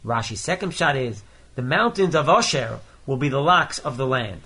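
Bright-voiced man teaching Torah. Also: medium pitch, animated, moderate pace, husky. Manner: reads each Hebrew phrase then explains it in English. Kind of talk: Torah lesson, reading Hebrew verses and translating line by line.

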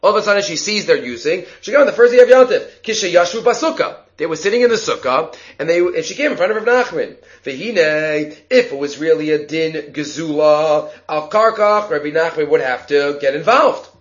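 A man's voice: fairly high pitch, lively intonation, a little fast, few pauses. A man giving a Talmud study lecture, reading Aramaic text and explaining it step by step with rhetorical questions. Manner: asks rhetorical questions, occasional coughs. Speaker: Talmud teacher. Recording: dull lo-fi recording.

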